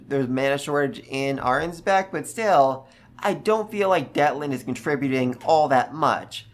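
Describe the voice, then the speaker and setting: Animated male book reviewer, casual recap, mid-range voice. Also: medium pitch. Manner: animated, jumps into quoted voices.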